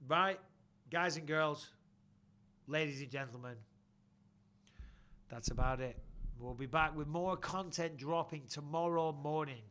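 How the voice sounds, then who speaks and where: A middle-aged man hosting a live chat, giving lively, sweary shout-outs in blokey banter. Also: a little high, unhurried, pauses often. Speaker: host.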